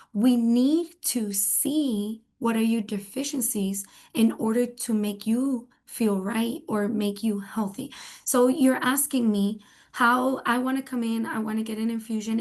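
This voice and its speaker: A woman's voice: on the high side, darkish tone. A woman who is a wellness clinic doctor, a guest answering interview questions and explaining through repetition and everyday comparisons.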